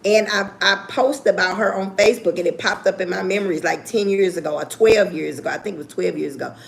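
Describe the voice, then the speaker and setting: A woman's voice: lowish voice, quick pace, vocal fry. A woman hosting a livestream, casually telling stories to her viewers in a blunt, profane, joking way. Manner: blunt, profane, laughing storyteller; talks straight to viewers. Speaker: livestream host. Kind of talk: casual storytelling chat.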